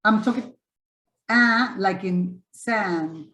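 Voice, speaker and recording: A woman's voice: mid-range voice, lively intonation, reverberant. Woman teaching English vowels. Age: 50s. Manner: patient, demonstrative, repeats and models vowel sounds slowly. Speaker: English teacher hosting a webinar. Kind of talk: online teaching webinar. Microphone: video call. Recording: lo-fi video call audio.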